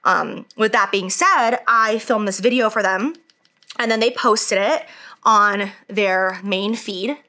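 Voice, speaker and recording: A woman in her thirties speaks straight to camera in a casual beauty vlog, doing her makeup as she talks. Her voice is bright and forward, and her speech runs candid and emotional, full of "like" fillers and restarts. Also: medium pitch, takes it slowly. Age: 30s. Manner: talks while applying makeup. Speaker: beauty vlogger.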